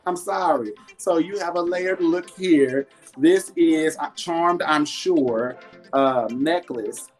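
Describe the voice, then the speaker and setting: Chatty male live-stream seller, laughs a lot, churchy warmth, faint music behind. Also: a little high, slow. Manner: chatty, laughs often, reads viewer comments aloud; warm and churchy, talks faith. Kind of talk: casual live sales stream.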